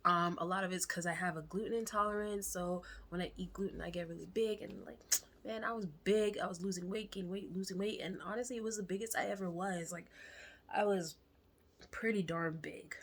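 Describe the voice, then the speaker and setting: Young woman vlogging, chatty and candid, kinda low voice, whispers her asides. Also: fairly even intonation, fairly quick, fairly bright tone. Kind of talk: casual storytelling to camera.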